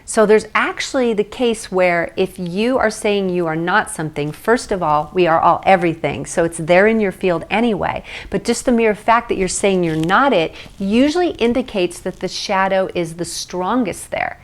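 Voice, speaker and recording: A woman teaching an emotional tapping session, explaining at length in a chatty way with light asides, then guiding slow repeat-after-me statements. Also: medium pitch. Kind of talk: guided tapping lesson. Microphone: phone or camera mic.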